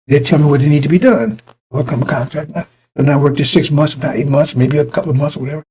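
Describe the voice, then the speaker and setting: A man's voice: a little high, fairly even intonation, fast, warm tone, husky, poor audio. A middle-aged man preaching informally to his congregation, blunt and profane, rambling through personal stories with many restarts.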